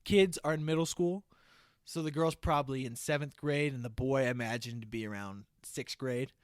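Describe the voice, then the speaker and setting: A man on a podcast pitching a movie idea like a comic storyteller, checking in with "okay?" after almost every phrase. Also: moderate pace, smooth, dry recording, clean studio sound. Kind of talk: casual comedic pitch.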